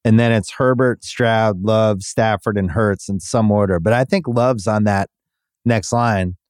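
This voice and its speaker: Guy co-hosting a sports betting chat, rattles off names fast, dead dry room. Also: on the low side, a little mellow, clean tone, no room sound. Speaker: sports betting podcast host.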